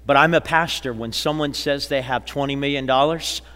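Pastor, male, bright tenor sermon voice, dramatic hushes, big church hall reverb. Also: medium pitch, clear, resonant tone. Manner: dramatic preaching, slows and drops to a hush for emphasis; acts out quoted people in a lively voice. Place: large church auditorium.

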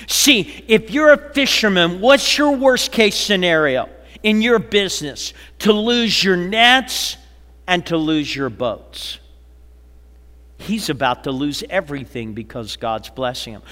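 Pastor, male, bright tenor sermon voice, dramatic hushes, big church hall reverb. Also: high voice. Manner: dramatic preaching, slows and drops to a hush for emphasis; acts out quoted people in a lively voice. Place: large church auditorium.

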